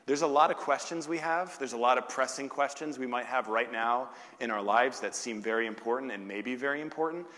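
Man preaching, mid-pitched, dramatic pauses, rhetorical questions, long hall echo. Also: pushed and bright. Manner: dramatic pauses, slows on key words. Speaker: pastor. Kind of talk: sermon.

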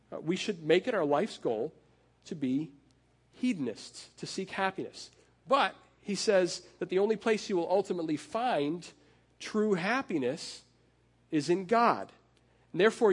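A middle-aged man preaching a sermon in a conversational way, with fillers and restarts, and slowing down to lean on key phrases. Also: high voice, husky. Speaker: pastor.

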